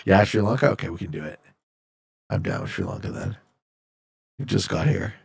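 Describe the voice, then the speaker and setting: A male streamer from Canada chatting casually with his viewers while he plays. His voice is gravelly and a little husky, and his pitch swings up and down a lot. He reads chat messages out loud and cracks jokes in reply. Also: huge pitch swings, a little slow. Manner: jokey, reads viewer chat aloud and answers.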